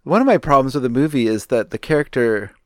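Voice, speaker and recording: A man's voice: mid-range voice, expressive, quick pace, dry recording. Easygoing man, dry close sound. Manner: easygoing, agreeable, laughs often, hedging with like and you know. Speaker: podcast co-host. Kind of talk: casual movie review chat.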